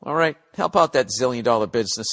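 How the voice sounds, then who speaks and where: A middle-aged man hosting a podcast, rambling casually in an animated, profane, sarcastic way. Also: mid-range voice, fast talker. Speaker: podcast host.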